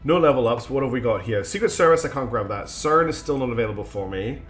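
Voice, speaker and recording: A man's voice: medium pitch, animated, quick pace, faint music behind. Chatty man with a mixed British accent. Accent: mixed British English with Scottish and Australian traces. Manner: thinks aloud, chatty, many fillers. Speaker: streamer. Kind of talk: live gameplay commentary.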